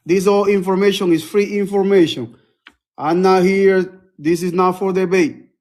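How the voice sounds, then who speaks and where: Man, high voice, livestream from his phone, repetitive, preachy. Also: steady tone, moderate pace, darkish tone. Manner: repetitive, preachy, calls out to viewers. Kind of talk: casual livestream talk.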